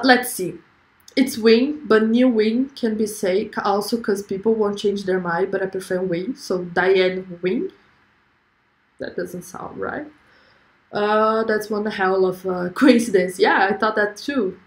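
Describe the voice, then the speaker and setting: A woman's voice: a little high, echoey room. A young woman hosting a livestream, chatting effusively and reading viewer comments aloud. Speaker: livestream host. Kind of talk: casual livestream chat.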